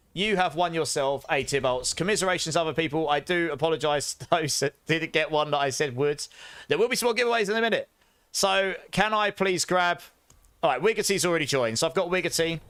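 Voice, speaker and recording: A man's voice: on the high side, a bit bright, smooth, no echo. Chatty man streaming a game. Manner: chatty, upbeat, announcing giveaway winners. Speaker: streamer host. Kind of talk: live game stream chat.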